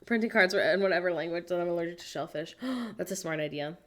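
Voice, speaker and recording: An American woman hosting a casual livestream, chatting playfully and reading viewers' messages aloud with animated, self-mocking humor. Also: fairly low pitch, quick pace. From United States. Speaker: livestream host reading chat. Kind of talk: casual chat.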